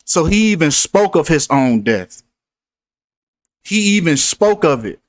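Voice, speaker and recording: A man talking to his viewers in a casual commentary, preachy and repetitive as he drives his points home. His voice sits a little high. The sound is close and dry. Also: sing-song, measured pace, no echo. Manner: preachy, repeats himself for emphasis. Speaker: host.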